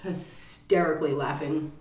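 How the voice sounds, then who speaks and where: Middle-aged woman vlogging a story, lively and swearing, acts out every quote, echoey room. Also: sits low, a little slow. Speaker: mukbang vlogger. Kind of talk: storytime chat.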